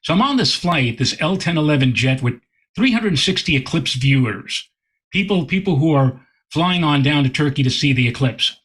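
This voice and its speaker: Astronomer guest, male, husky slightly high voice, animated storyteller. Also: normal speed. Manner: animated, repeats words while telling a story. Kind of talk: anecdotal storytelling in interview.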